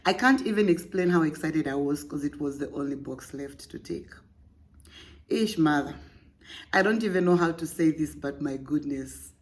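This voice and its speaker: A young woman hosting a podcast reads a listener's story aloud, breaking off with playful, laughing, teasing asides. Her voice is low and she speaks at normal speed.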